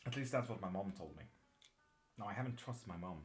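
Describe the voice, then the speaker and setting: A man's voice: on the low side, lively intonation, a little fast, soft background music. A man with a patchy mixed Irish-British accent, chatting casually on a live tarot stream, swearing offhand and laughing as he reads out viewers' messages. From Sweden. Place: home streaming setup in England.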